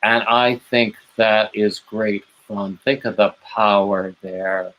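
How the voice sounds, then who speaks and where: A man with a lowish voice hosts a late-night livestream in a rough-sounding recording. His delivery is flat and slow, his tone fairly bright, as he rambles and greets chat viewers by name with gushing, emotional asides.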